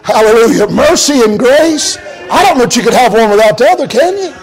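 An older man preaching a revival sermon in a fervent cadence, full of amens and hallelujahs, shouting at the peaks and dropping soft in between. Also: sing-song, racing, low-quality recording. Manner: shouts at the peaks, drops low and soft in storytelling.

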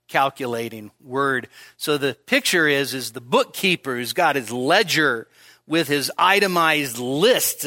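Bright-voiced, self-deprecating male preacher. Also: mid-range voice, dry recording, clean studio sound. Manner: candid, self-deprecating, joking asides. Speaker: pastor. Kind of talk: expository sermon. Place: church service.

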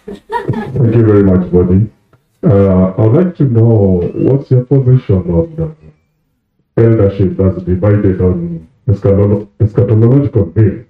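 Hesitant low-voiced man asking a question. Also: expressive, measured pace, faint music behind. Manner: hesitant, with fillers. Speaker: audience questioner. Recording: tinny echoey hall mic.

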